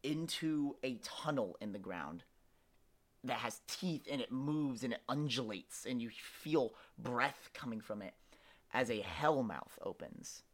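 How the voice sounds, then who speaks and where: A man's voice: mid-range voice, expressive, a little slow. A young man narrating as game master of a tabletop game, setting scenes vividly and dramatically.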